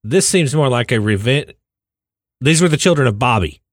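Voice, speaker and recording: A man's voice: mid-range voice, lively intonation, normal speed, dry recording, clean studio sound. A man co-hosting a podcast, blunt and joking in casual chat. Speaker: podcast co-host.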